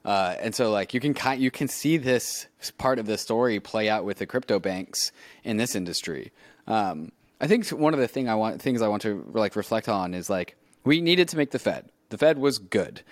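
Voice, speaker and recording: A man co-hosting a casual podcast chat, musing out loud in a reflective way, often saying "right" and "like". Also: lowish voice, animated, normal speed, dry recording. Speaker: podcast co-host.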